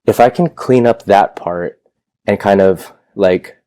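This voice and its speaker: A man in his thirties tells his story as an interview guest. His voice sits low and mellow, recorded dry and close. He rambles casually, doubling back and swearing now and then. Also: measured pace, no room sound. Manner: rambling storyteller, loose and profane. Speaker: gym owner, guest.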